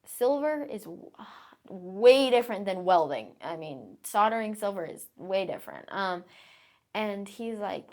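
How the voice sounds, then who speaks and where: Young woman, podcast guest. Chatty and filler-heavy, with a gravelly edge. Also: medium pitch, very animated, a little slow, a little mellow. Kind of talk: casual storytelling interview.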